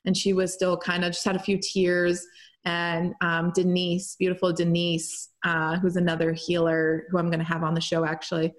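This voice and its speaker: A woman's voice: on the low side, monotone, moderate pace. A young woman hosting a show, telling a personal story in a loose, chatty way with lots of fillers and run-on sentences. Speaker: podcast host and healer. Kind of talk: casual storytelling monologue.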